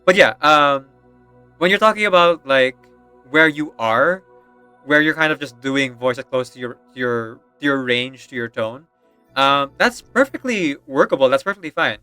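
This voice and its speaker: A man's voice: mid-range voice, animated, normal speed, bright, forceful tone, clear, resonant tone, no room sound. A man chatting casually while streaming a game, rambling with lots of fillers and frequent laughter, with faint game music behind. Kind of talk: casual chat while gaming.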